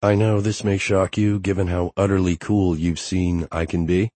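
A man voicing a shy but playful young woman in an audiobook, speaking softly and confidingly. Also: low voice, little pitch movement, normal speed, no echo. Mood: eager confiding. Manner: breathy, soft-spoken confiding. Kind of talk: audiobook dialogue.

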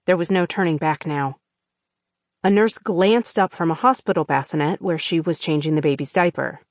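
A woman narrating an audiobook in a measured, tense suspense reading on a close studio mic. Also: lowish voice, a little mellow, no echo. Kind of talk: scripted narration.

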